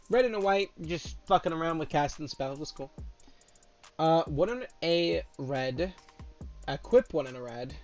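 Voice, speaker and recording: A young man with a fairly high-pitched voice reads out trading card text in a casual tone. He breaks into loud, swearing outbursts of excitement between cards. Faint music plays underneath. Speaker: card game content creator. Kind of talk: casual card spoiler reaction.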